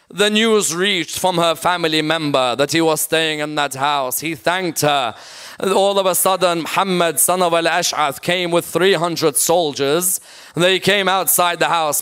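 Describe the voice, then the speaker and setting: A man's voice: a little high, fairly bright tone, clear, resonant tone. A man preaching a sermon in a mosque, telling a mournful story with passion and often asking the audience "yes?". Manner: mournful, impassioned narration with repeated "yes?" to the audience.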